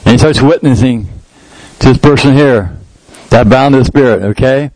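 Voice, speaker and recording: A man's voice: mid-range voice, moderate pace, darkish tone, no echo, poor audio. A middle-aged male pastor preaching a sermon in a conversational way that rises into emphatic prayer. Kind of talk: sermon with live demonstration.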